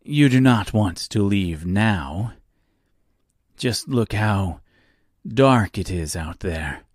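A man's voice: fairly low pitch, expressive, slow pace, dry recording, clean studio sound. A man voicing a boastful, lonely male storyteller who plays host with grand, theatrical airs, for an audiobook reading. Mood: ominous.

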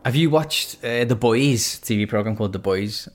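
A man's voice: fairly low pitch, normal speed. A man chatting casually as a podcast co-host, rambling with many hesitations. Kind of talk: casual chat.

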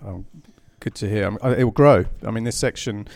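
A magazine editor speaks casually on a panel in a lowish, creaky, darkish voice at a brisk pace. He's chatty, with plenty of fillers and restarts.

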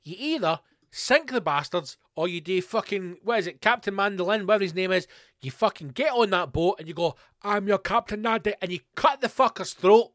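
A man's voice: sits high, lively intonation, a little fast, dry recording, studio quality. Sweary ranting Scottish man. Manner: sweary, loud and mocking, reads news aloud. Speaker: podcast host. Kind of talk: ranting solo podcast.

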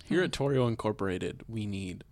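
A young man co-hosting a podcast, joking in a laid-back, deadpan way. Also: on the low side, brisk. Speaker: podcast co-host. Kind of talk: casual comedic chat.

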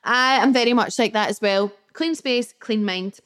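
A young woman hosting her own podcast from her flat, chatting candidly, swearing casually, and reacting to listener comments she reads aloud. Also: a little high, normal speed, clean tone. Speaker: podcast host. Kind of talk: casual solo podcast chat.

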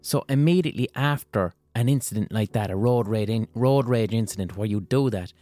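A man's voice: lowish voice, brisk, dark tone, faint music behind. A young adult man, hosting a solo podcast in a blunt, conversational way and swearing freely. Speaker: podcast host. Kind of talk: casual solo podcast monologue.

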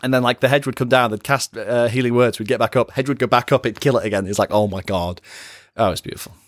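Fast-talking man telling stories. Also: medium pitch, dry recording, studio quality. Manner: animated storytelling, acts out quotes. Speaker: podcast co-host and game master. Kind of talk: casual chat.

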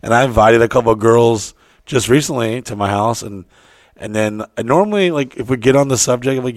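A man's voice: mid-range voice, lively intonation, fairly quick, vocal fry, no room sound, studio quality. A young man in casual chat, telling crude stories in a rambling, loose way.

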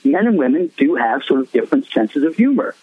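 A man's voice: mid-range voice, very animated, brisk, breathy edge, no room sound. A man, a musician guest, telling rambling stories in a casual interview, laughing often. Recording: tinny phone line, dry.

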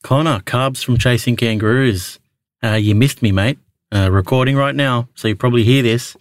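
A man's voice: mid-range voice, normal speed, no echo. An Australian man hosting a podcast call-in show, chatting in a laid-back, matey way. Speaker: podcast host. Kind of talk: casual call-in chat.

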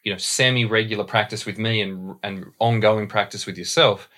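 A man's voice: fairly low pitch, steady tone, moderate pace, pushed and bright. A man with an Australian accent, a voice and dialect coach explaining things thoughtfully in a podcast interview. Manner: thoughtful, explanatory, uses images and examples.

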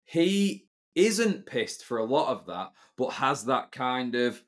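A man's voice: medium pitch, sing-song, slow pace. British male podcast co-host, casual and swears freely. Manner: chatty, opinionated, swearing freely. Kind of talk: casual chat.

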